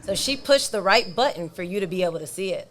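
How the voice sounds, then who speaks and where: A woman therapist talking in a casual podcast chat, explaining things calmly and breaking into laughing bursts. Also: medium pitch, fast talker, slight background noise. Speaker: therapist guest.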